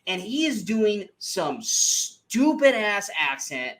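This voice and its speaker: A man co-hosting a movie review podcast, ranting in an animated, exasperated way with plenty of swearing. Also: high voice, takes it slowly. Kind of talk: casual movie review chat.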